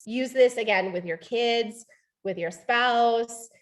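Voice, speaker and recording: A young adult woman with a high voice leads a live sales training session. She talks in a chatty, informal way, leaning on "like" and "right?". She slips into short acted lines to show how a customer might talk. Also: slow. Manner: frequent "like" and "right?" fillers.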